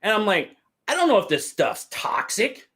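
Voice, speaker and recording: A man hosting a livestream, telling stories in a casual, drawn-out way and reading out chat. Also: sits high, huge pitch swings, gravelly, a bit bright. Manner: drawn-out, easygoing storytelling with quoted voices. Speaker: livestream host. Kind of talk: casual storytelling to live chat.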